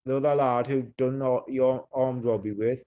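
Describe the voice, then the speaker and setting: A man's voice: medium pitch, steady tone, normal speed, warm tone. A man with a broad Geordie accent chatting casually on a livestream, blunt and sweary, rambling with fillers and restarts. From North East England.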